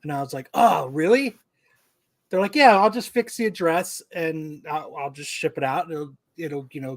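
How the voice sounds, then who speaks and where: A podcast co-host, a man with a voice on the high side, tells a story in a casual, animated way. He swears freely and acts out both sides of the conversation.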